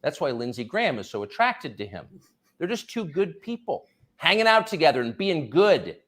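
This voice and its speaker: A man's voice: on the high side, sing-song, moderate pace, a bit bright. Man with a wildly swinging sarcastic delivery. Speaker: commentary host. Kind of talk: sarcastic political monologue.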